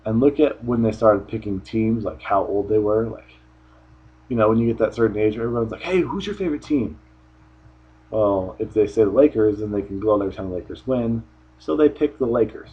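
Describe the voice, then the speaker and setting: Husky low-voiced man rambling in a review. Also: muffled recording. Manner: rambling, offhand, frequent restarts. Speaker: wrestling show reviewer. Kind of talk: casual solo review commentary.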